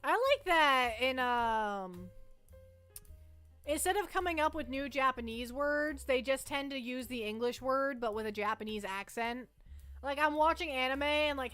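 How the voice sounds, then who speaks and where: High, bright chatty young woman streamer. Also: clear, resonant tone. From Canada. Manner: rambling, chatty, self-interrupting. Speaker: livestream host. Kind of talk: casual chat with chat.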